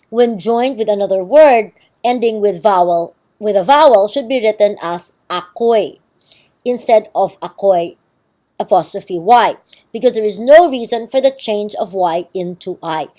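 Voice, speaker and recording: A woman with a Filipino accent teaches a recorded lecture in a fairly high voice. She explains points one at a time and pauses to check that her listeners follow. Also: darkish tone. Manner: explanatory, checks understanding with "okay" and "right".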